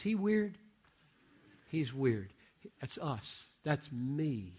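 A man preaching a sermon, swinging from hushed asides to loud, emphatic exclamations. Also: medium pitch, big pitch swings, very slow, pauses often, slightly rough.

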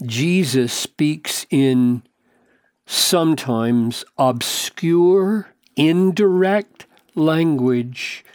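A man preaching a sermon, slow and emphatic, posing searching questions. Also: mid-range voice, a little mellow, no room sound, studio quality.

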